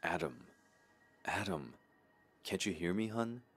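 Vengeful ghost wife, voiced by a deep-voiced man. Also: animated, takes it slowly, a bit bright, husky, full character voice. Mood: luring. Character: vengeful dead wife's ghost, woman, cold and menacing.

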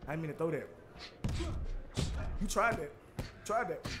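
A man's voice: on the high side, animated, unhurried, noisy background. A man trash-talking his opponent while playing a boxing game, taunting and grunting punch noises. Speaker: gamer streamer. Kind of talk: live trash-talking gameplay commentary.

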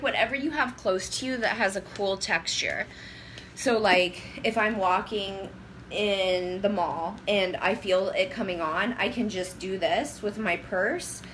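Young woman on a phone live stream, bright voice, chatty, wanders off topic, faint room hum behind. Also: mid-range voice, low-quality recording. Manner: chatty, giving advice to viewers; loose, rambling and getting sidetracked. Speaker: livestream host. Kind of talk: casual live-stream chat. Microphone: phone camera.

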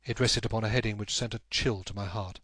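A man's voice: fairly low pitch, fairly even intonation, fast, a bit bright, husky, dry recording. Dry-voiced male audiobook narrator.

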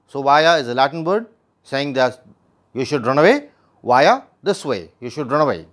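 A man's voice: medium pitch, big pitch swings, normal speed. A man teaching a play line by line, reading each passage and then restating it in plain words. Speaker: literature teacher.

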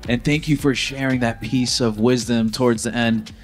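A man's voice: mid-range voice, fairly even intonation, normal speed, soft background music. A man acting as MC at a wedding reception, introducing speakers in an upbeat way. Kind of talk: event hosting.

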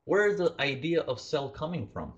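A man's voice: fairly high pitch, lively intonation, moderate pace, muffled recording. A man teaching a live trading lesson, asking his audience questions and acting out traders' inner thoughts. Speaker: trading instructor.

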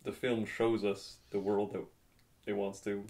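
A man's voice: lowish voice, little pitch movement, unhurried, creaky, a little mellow. A man co-hosting a film podcast, breaking the film down analytically and acting out quoted lines now and then. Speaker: podcast co-host. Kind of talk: casual film discussion.

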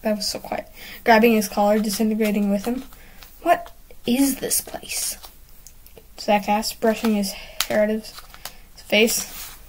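A woman's voice: medium pitch, level tone, moderate pace, slight background noise, low-quality recording. A woman casually reading her own handwritten story aloud, commenting and giggling between sentences.

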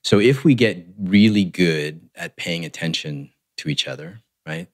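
A man, a relationship coach, explaining in a measured way on a podcast and often checking in with "right?". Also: sits low, expressive. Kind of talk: conversational podcast interview.

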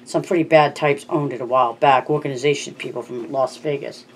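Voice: mid-range voice, steady tone, fairly quick, a little hiss or hum, lightly acted, low-quality recording. An audiobook narrator voicing a tense, guarded father who answers in curt, clipped phrases.

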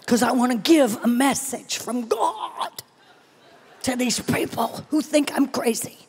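A middle-aged woman delivers a sermon at a large live conference. Her voice sits high and she takes her time, acting out a self-mocking story with animated bursts and snatches of prayer in tongues. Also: measured pace, vocal fry, breathy edge. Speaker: conference speaker.

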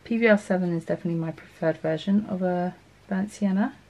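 Low, gravelly-voiced woman art vlogger. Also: fast, mellow, lo-fi sound. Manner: chatty, thinking aloud, self-correcting. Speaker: art channel host. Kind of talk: casual talk while swatching paints.

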